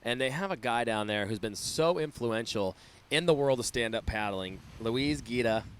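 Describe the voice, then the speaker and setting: A man's voice: mid-range voice, expressive, moderate pace, a little hiss or hum. A man calling a live surf contest play-by-play, enthusiastic and often laughing. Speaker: surf commentator. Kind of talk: live sports commentary.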